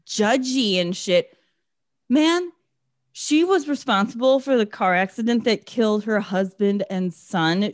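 A woman's voice: medium pitch, no echo, clean studio sound. Sarcastic woman recapping a movie. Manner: sarcastic, swears, acts out characters' lines. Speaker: podcast co-host. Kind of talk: casual movie recap chat.

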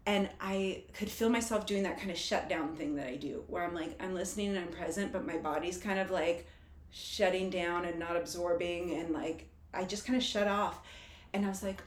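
A woman's voice: fairly low pitch, normal speed, echoey room. A woman talking candidly and reflectively in casual conversation, laughing easily as she shares personal coping tools.

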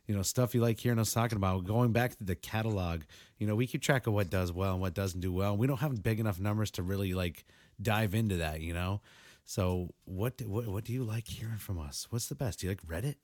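A man's voice: on the low side, brisk, a little mellow, no room sound. A man from New England co-hosting a podcast, telling loose, profane stories and chatting with listeners. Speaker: podcast co-host. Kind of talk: casual podcast chat.

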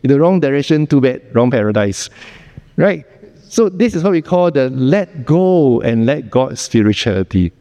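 A man's voice: mid-range voice, sing-song, moderate pace, mellow. A man preaching a sermon in an earnest, explanatory way, often posing rhetorical questions. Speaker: pastor. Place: church sanctuary. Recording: church hall reverb.

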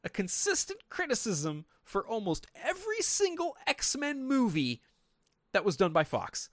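Animated, swearing podcast host. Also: male voice, very high-pitched, measured pace, no echo, studio quality. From Sacramento, California. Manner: animated, profane storytelling with lots of voiced quotes. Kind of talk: casual chat.

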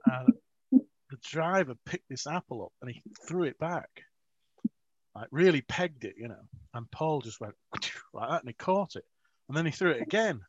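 A male author appears as a guest in a casual interview, his fairly high voice lively in intonation and moderate in pace. He rambles through self-mocking stories with frequent laughs, the audio dry, dull and lo-fi with no room sound.

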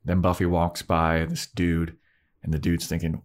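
A man's voice: deep voice, completely flat delivery, measured pace. A man co-hosting a podcast, recapping a TV episode in loose, profane casual chat and acting out the dialogue. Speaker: podcast co-host.

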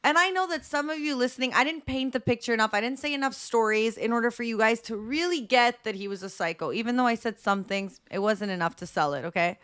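A woman's voice: on the high side, fast, hardly any pauses, a bit bright, clean tone. A young woman co-hosting a podcast, chatty and playful, with lots of "like" in her speech. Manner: chatty, full of "like", playful banter. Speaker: podcast co-host. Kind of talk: casual chat.

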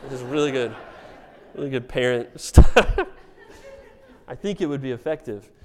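A man preaching a sermon as pastor, telling stories with wry humor in an animated way. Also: medium pitch, moderate pace.

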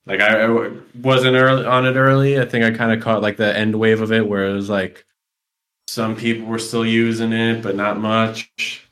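A man's voice: lowish voice, flat delivery, normal speed, a bit bright. A man co-hosting a podcast, chatting casually and a little hesitantly. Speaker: podcast co-host. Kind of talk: casual chat.

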